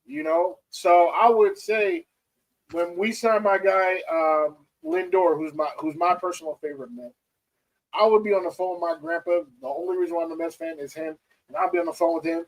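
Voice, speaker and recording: High male voice, animated sports co-host, emphatic casual delivery. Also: normal speed, low-quality recording. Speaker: co-host, Mets fan.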